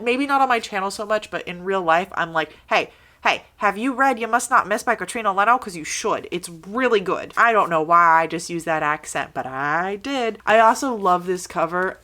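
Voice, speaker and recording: A woman's voice: medium pitch, a bit bright. A woman casually reviewing her favorite books for a vlog, gushing and chatty, with lots of "like" and "super". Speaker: book reviewer.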